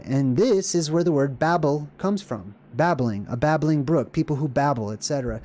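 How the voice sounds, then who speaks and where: A man hosting a casual talk video, reading a passage aloud and breaking off into rambling, excited asides. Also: fairly high pitch, moderate pace, few pauses. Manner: rambling, animated asides with laughs and restarts. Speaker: video host. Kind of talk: casual lecture reading and commenting on scripture.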